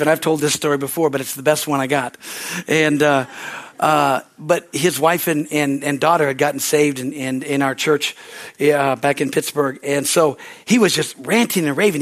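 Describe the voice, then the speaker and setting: A man preaching a sermon as pastor, building into excited shouts of praise with many hallelujahs. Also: fairly high pitch.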